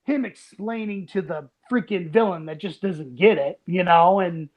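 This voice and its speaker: Podcast co-host, male, casual and animated, acts out lines. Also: high voice, normal speed, highs cut off. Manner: animated, laughs often, acts out quotes. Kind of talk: casual movie podcast chat.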